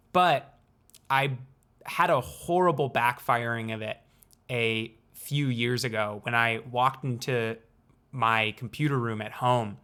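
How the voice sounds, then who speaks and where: A young man hosts a casual explanatory vlog at a mid-range pitch. He is playful and unhurried and leaves deliberate pauses between phrases. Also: bright, forceful tone, clear, resonant tone. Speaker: student video creator.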